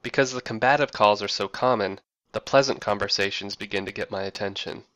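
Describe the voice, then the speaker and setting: A man reading a scripted narration with a dry, wry deadpan delivery. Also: on the low side, a little fast, no room sound.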